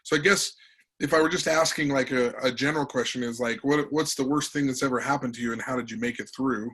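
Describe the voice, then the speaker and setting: Heavy on fillers, this interview host wanders as he frames each question in a loose, conversational way. He speaks quickly in a mid-range, somewhat bright voice with a slight roughness, captured on a rough recording.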